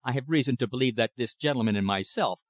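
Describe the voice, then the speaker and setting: A man reading the part of a calm, determined young man buying land, speaking briefly and evenly. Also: mid-range voice, fast, no echo, lightly acted. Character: calm, stubborn young male land buyer.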